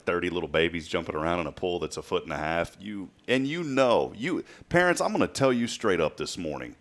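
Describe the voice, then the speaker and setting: A man in his late thirties hosting a show, telling stories in a casual, chatty way and laughing often. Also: deep voice. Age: late 30s. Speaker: podcast host. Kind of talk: casual chat.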